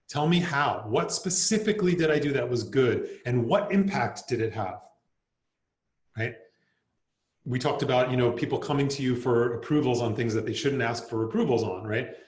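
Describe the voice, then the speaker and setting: A man's voice: medium pitch, lively intonation, fairly quick. A man presenting a workshop in a conversational way, acting out example lines and often checking in with "right?". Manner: conversational, acts out quoted lines, tags "right?". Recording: roomy echo.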